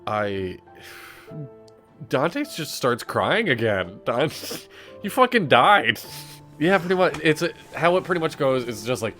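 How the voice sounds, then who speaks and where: A man playing his character in a tabletop game, animated and laughing often. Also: mid-range voice, measured pace, faint music behind. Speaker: player.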